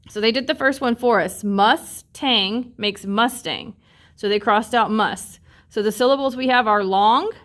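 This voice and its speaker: A woman teacher leading a phonics lesson, patiently sounding out words syllable by syllable. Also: a little high.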